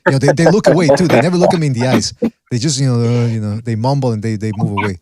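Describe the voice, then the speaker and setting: A man hosts a boxing podcast in loose, joking banter. He brags playfully and wanders through his thoughts with frequent restarts, at an ordinary middle pitch. The sound is close and dry. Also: rapid-fire, darkish tone, no echo. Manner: joking, boastful, rambling with restarts.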